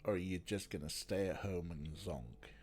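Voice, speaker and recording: Stuffy-nosed man, chatty and lively. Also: sits low, moderate pace. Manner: chatty, teasing, talks to his pet and chat in a cooing voice. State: stuffy, snotty nose. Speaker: streamer. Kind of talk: casual live-stream chat.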